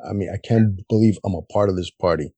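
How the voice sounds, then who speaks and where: A man's voice: low-pitched, fast talker, warm tone, slightly rough, no room sound, dull audio. A man co-hosting a podcast, talking politics bluntly with lots of swearing and a casual "man" in most sentences. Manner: blunt, heavy swearing, says "man" often. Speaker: podcast co-host.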